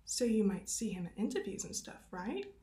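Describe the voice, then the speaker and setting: A woman's voice: medium pitch, very animated, normal speed, dark tone, natural voice. A woman reading aloud, voicing an eager, gossipy teenage girl. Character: chatty teenage girl, best friend. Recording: roomy echo.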